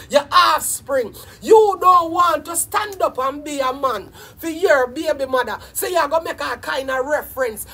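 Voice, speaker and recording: A woman with a Jamaican accent delivering a loud, profane comedic rant, scolding and shouting. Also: sits high. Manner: shouting, scolding, heavy swearing.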